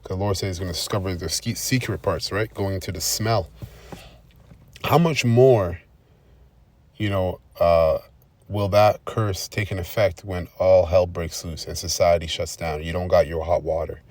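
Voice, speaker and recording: A man with a deep voice preaches and teaches scripture in an emphatic, repetitive way. His close recording is dry, with no room sound at all. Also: steady tone, normal speed, a little mellow, dry recording. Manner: emphatic, repeats points with "all right?". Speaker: religious teacher.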